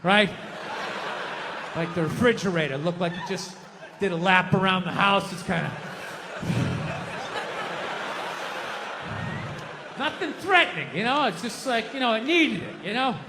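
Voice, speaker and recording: A man in his fifties telling a stand-up story in a loud, animated way, with shouted bursts. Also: sits high, slow pace, pauses often. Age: 50s. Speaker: stand-up comedian. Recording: reverberant hall with faint noise.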